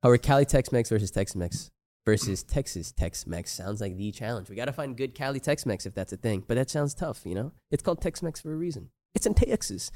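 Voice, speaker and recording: A young man in relaxed podcast chat, unhurried and loose. He laughs easily and swears casually while reading out comments. His voice sits at a middling, ordinary pitch. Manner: laid-back, laughs often, swears freely. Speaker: podcast co-host.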